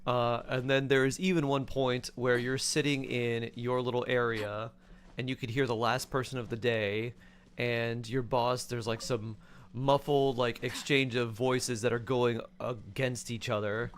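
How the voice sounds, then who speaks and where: A man streaming, casually retelling a dream in a chatty, animated way with many fillers. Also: medium pitch, a little slow, slight background noise.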